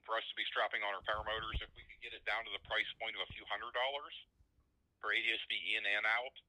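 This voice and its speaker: Male guest, low-pitched, crisp bright tone, matter-of-fact explainer. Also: fairly even intonation, quick pace, dry recording, poor audio. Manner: matter-of-fact, explains step by step with many uhs. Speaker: guest, paramotor pilot and electronics builder. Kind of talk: technical explanation in an interview.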